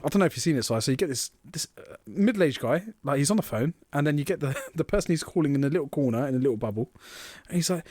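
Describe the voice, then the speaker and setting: A man co-hosting a podcast in casual chat, excitable, laughing often and swearing casually. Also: on the high side, quick pace, few pauses, no echo. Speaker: podcast co-host.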